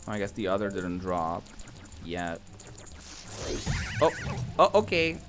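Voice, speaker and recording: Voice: sits low, very animated, slow pace. A streamer giving casual live commentary while playing a video game, exclaiming, laughing and swearing at the game. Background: game music.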